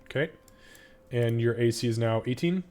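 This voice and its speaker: A man's voice: mid-range voice, moderate pace, dark tone, soft background music. A man running a tabletop game as game master, talking casually with fillers and the odd curse. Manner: casual, swears, many fillers.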